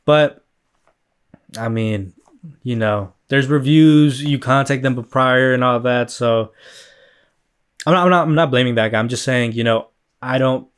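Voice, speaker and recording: A man's voice: mid-range voice, measured pace, pauses often, clear, resonant tone. A man hosting a solo podcast in a loose, rambling chat, full of fillers and swearing. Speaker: podcast host.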